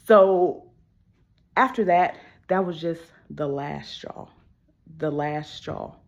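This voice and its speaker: Casting note: a lower-voiced woman doing an animated storytime vlog at home into a phone, candid and swearing freely. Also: takes it slowly, highs cut off. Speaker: vlogger. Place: home with kids and cats around.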